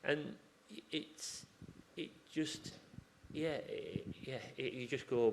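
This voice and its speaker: The recording carries a little hiss or hum as this chatty man speaks a bit slowly, with lively intonation, a medium pitch, and few pauses. An acupuncturist with a hospital surgery team, he tells hospital anecdotes at a conference Q&A and acts out ward conversations.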